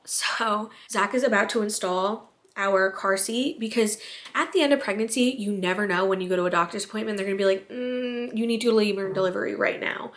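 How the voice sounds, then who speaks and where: A woman's voice: medium pitch, a bit bright. Chatty young pregnant woman vlogging. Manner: chatty, rambling, filler-heavy with frequent "like". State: heavily pregnant, tired. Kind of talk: casual chat to camera.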